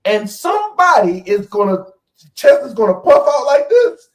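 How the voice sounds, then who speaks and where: A man's voice: very high-pitched, huge pitch swings, normal speed, darkish tone. A man in casual chat telling a funny family story and acting out the voices in it. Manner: laughing, storytelling, acts out voices. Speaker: instructor.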